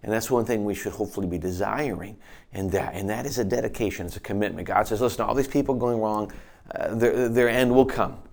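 A man's voice: on the low side, a little fast, creaky, a little mellow. Earnest male preacher, emphatic. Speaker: pastor. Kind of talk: sermon.

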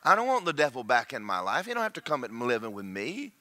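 A man's voice: medium pitch, wildly swooping pitch, fast talker, sharp tone, dry recording. A middle-aged man preaching a sermon, joking and acting out quoted voices.

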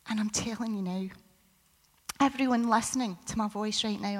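Woman preacher, impassioned sermon with hushed passages; long hall reverb. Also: mid-range voice, moderate pace. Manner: impassioned, dropping to a hushed whisper.

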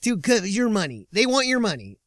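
A man hosting his own podcast from inside a small car, delivering a rambling, sarcastic comedic rant with halting restarts. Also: high voice, sing-song, fairly bright tone, no echo, studio quality. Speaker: podcast host.

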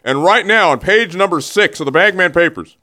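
Guy hosting his radio show, goofy rambling teases, fairly high voice, studio mic. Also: lively intonation, a little fast, sharp tone. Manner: rambling, jokey, teasing, restarts mid-thought. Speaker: radio host. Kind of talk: casual radio monologue. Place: radio studio, also streamed on camera. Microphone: studio microphone.

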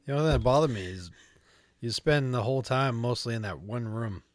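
A man's voice: medium pitch, lively intonation, a little fast, no echo. A man co-hosting a casual movie chat, dropping dry quips and short replies. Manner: dry one-liner quips. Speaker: podcast co-host.

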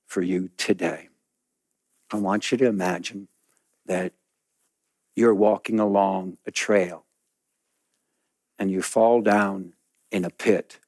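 A pastor preaching a sermon, telling a story dramatically and acting out the people in it. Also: male voice, low voice, a little mellow, no echo, studio quality.

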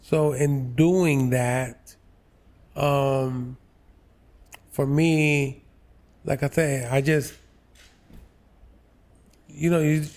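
A man in his sixties from New York's Lower East Side, an actor telling stories in an interview, slow and halting with many fillers. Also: fairly even intonation, darkish tone. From New York, Lower East Side. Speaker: actor, guest. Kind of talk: relaxed interview storytelling.

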